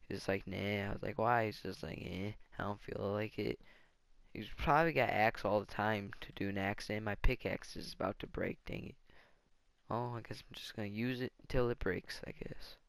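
A man's voice: fairly low pitch, brisk, creaky, fairly bright tone, smooth, dry recording. A man giving casual let's-play commentary, rambling and thinking aloud as he plays. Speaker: gaming channel host.

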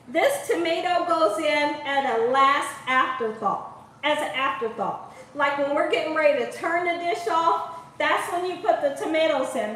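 Woman cooking-show host, from Ohio, high voice, chatty and laughing, echoey kitchen, far from the mic. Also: fairly bright tone, slight background noise. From Columbus, Ohio. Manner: chatty, laughs often, answers viewer questions as she cooks. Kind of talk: live cooking demonstration, chatting with viewers. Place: home kitchen.

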